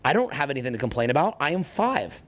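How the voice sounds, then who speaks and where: A man's voice: mid-range voice, sing-song, fast talker, a bit bright. A man in his forties giving a motivational talk to an audience, intense and profane, driving his points home by repeating them. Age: 40s. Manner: profane, intense and emphatic, hammering points through repetition. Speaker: social skills coach.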